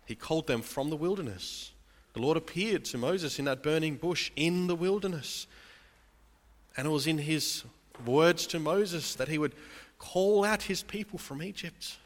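Earnest pastor guy preaching, brightish higher voice, church hall echo behind him. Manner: earnest preaching, addresses listeners as beloved. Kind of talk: sermon.

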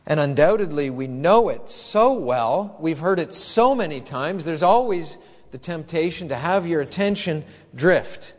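A man preaching a sermon from the pulpit in a church, measured and emphatic, with deliberate pauses. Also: on the high side. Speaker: pastor. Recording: hall reverb in a church.

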